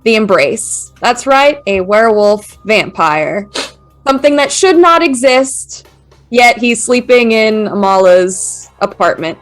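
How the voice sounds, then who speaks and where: A woman narrating as game master of a tabletop game, with slow, dramatic storytelling. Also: on the high side, very animated, soft background music, poor audio.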